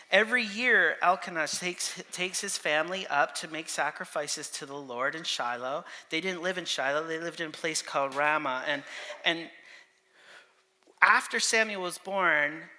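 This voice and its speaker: A male pastor preaches in a conversational, animated way and keeps asking the congregation questions. His voice is high and very bright. A long reverb from the church sanctuary trails his words. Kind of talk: sermon.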